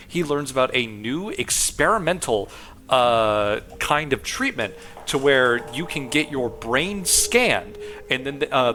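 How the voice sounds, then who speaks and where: A man's voice: medium pitch, bright, forceful tone. Rambling young male streamer. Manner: rambling, casual, swearing, many fillers. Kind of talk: casual game story recap.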